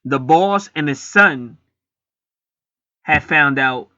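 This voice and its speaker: Casual spiritual vlogger, rambling and emphatic, swears; bright voice, dry, lo-fi sound. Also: male voice, a little high, slow, no room sound. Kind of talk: casual film retelling and preaching.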